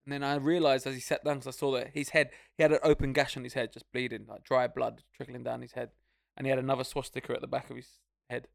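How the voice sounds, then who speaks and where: A man's voice: medium pitch, level tone, quick pace, vocal fry, dry recording, studio quality. A young man, co-hosting a podcast and telling stories in casual, sweary chat, acting out the other people. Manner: swearing storyteller, acts out voices. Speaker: podcast co-host.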